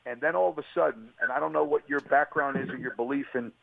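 A man's voice: mid-range voice, quick pace, creaky, dry recording. A man, an interview guest, giving an earnest and emotional personal testimony on a radio call. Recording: tinny phone line, dry.

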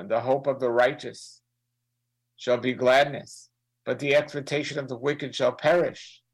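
An earnest man preaching during a prayer time, with a gravelly edge to his voice. He repeats key phrases and draws them out slowly for emphasis. His pitch sits in an ordinary middle range. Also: rough recording. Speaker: prayer leader. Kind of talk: sermon-style prayer broadcast.

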